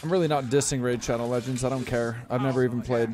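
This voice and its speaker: A man's voice: medium pitch, steady tone, quick pace, few pauses, a little mellow. A young man live-streaming a game, chatting casually with viewers and swearing in exasperation. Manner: profane, exasperated banter with chat. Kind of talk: casual gameplay commentary.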